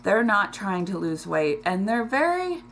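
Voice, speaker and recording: In a personal vlog, a middle-aged weight loss vlogger struggles through her words on the verge of tears, full of ums and false starts. Her voice is medium in pitch, a bit bright, and swings widely.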